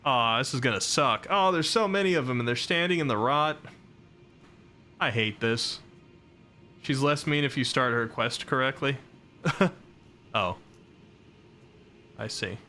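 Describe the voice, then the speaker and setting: Bright-voiced man chatting through a game. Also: medium pitch, unhurried, pauses often, soft background music. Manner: chatty, reacts aloud and answers chat. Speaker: streamer. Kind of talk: live gameplay commentary.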